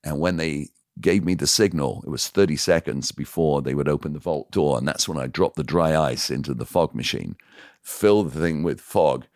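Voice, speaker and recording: An older man with an English accent, a podcast guest telling lively anecdotes from his radio career in a casual way. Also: rumbling low, normal speed, no room sound, clean studio sound. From England. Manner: animated anecdotes, lively voiced quotes. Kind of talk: casual storytelling.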